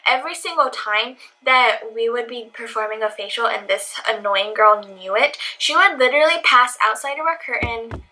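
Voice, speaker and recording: Young woman vlogger for a casual storytime at home, chatty and filler-heavy, with a crisp bright tone. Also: high voice, rough recording.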